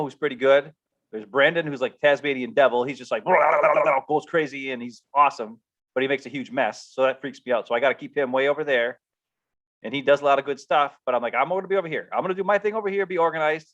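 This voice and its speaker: A middle-aged man telling a casual, animated story as a podcast co-host, acting out coworkers as he goes. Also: mid-range voice. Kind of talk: casual rant. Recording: dull lo-fi stream audio.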